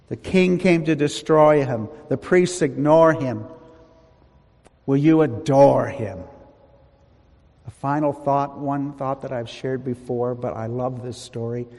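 A man preaching a sermon in a large church hall, measured and emphatic, with long pauses. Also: medium pitch, darkish tone.

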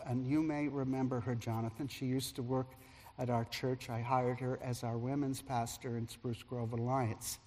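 Man preaching in a reverberant hall. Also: mid-range voice. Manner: animated storyteller, loudness rising and falling with the story. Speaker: pastor. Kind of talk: sermon storytelling. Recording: long reverb of a large hall.

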